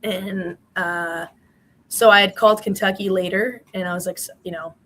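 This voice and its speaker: A woman's voice: mid-range voice, fairly even intonation, moderate pace, a bit bright, rough recording. A woman in her twenties, a former college swimmer, answering interview questions in a chatty way with many fillers.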